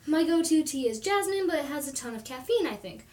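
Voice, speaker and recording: A young woman from Oklahoma hosting a casual live stream at home, talking fast and rambling chattily. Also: high-pitched, lively intonation, darkish tone. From Oklahoma, USA. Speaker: livestream host. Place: at home at her desk.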